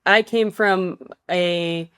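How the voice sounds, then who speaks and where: A woman hosting a casual podcast chat about singing, thoughtful and chatty as she sets up her questions. Her voice sits a little low for a woman, and the recording is dry and close. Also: fairly even intonation, drawn-out words, fairly bright tone, clear, resonant tone, dry recording. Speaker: podcast host and voice teacher.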